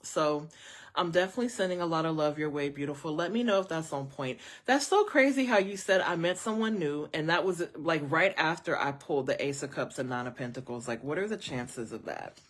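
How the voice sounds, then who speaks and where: Woman tarot reader, live stream; low voice, very animated pitch, chatty. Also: fairly quick. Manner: chatty, animated, lots of fillers, speaks to viewers as y'all. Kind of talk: casual live-stream reading.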